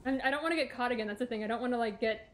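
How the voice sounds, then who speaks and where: Chatty young woman streamer, slightly high. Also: racing. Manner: chatty, self-talking, dramatic exclamations. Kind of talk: let's play commentary.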